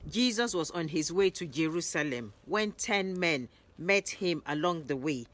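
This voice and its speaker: A woman narrating Bible stories in a lively retelling, raising her voice for the quoted lines. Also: sits low. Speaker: Bible storyteller.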